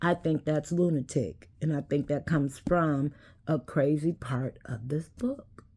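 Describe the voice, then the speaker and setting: A woman, hosting a casual talk and speaking in an unhurried, preachy way that addresses viewers directly. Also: deep voice, mellow, slightly rough. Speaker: host.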